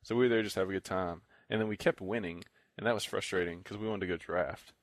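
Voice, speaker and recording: A man's voice: sits low, quick pace, dry recording. A young man co-hosting a podcast in casual chat, rambling through a story and acting out what other players said. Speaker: podcast co-host.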